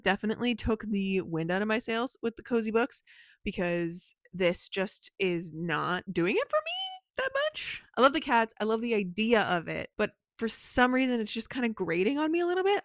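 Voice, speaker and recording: A woman's voice: medium pitch, a bit bright, no echo. Casual woman vlogger, easygoing and giggly, mid-range voice, dry room. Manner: chatty, laughs often, frequent "like". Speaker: book vlogger. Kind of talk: casual vlog chat. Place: home, on the couch.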